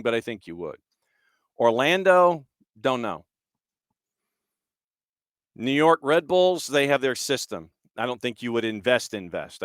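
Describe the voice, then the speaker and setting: A man's voice: medium pitch, fairly bright tone, clean tone, dry recording, studio quality. A man hosting a soccer talk show, giving casual, opinionated commentary and asking rhetorical questions. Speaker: soccer podcast host.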